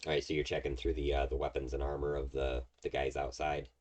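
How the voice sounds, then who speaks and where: A man's voice: a bass voice, level tone, fast talker, darkish tone. A man narrating as game master in a tabletop game, rambling with many ums and restarts.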